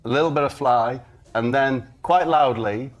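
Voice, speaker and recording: A man on a comedy panel show telling an absurd story in a deadpan, unhurried way. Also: medium pitch, highs cut off.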